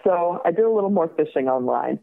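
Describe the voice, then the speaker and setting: A woman in her fifties, a guest telling her story in a lively way, laughing often and acting out the other voices. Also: on the low side, fairly quick, creaky. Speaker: guest, crime survivor. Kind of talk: personal storytelling in an interview. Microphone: phone call. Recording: tinny phone line.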